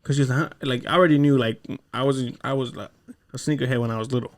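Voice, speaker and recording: A man's voice: medium pitch, fairly even intonation, quick pace. A young man co-hosting a podcast, telling stories from his childhood in a laid-back, casual way, swearing freely and acting out what people said. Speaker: podcast co-host. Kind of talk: casual chat, storytelling.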